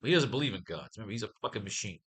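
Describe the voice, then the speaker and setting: A man's voice: lowish voice, animated, rapid-fire, fairly bright tone, slightly rough. A man running a casual comics writing class, thinking aloud and testing lines of dialogue, swearing freely and muttering to himself.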